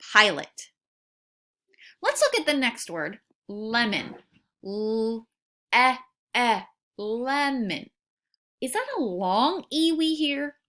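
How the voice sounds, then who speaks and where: Woman teacher sounding out words real slow, bouncy up-and-down voice, kinda high. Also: bright, forceful tone. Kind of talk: recorded phonics lesson for young students.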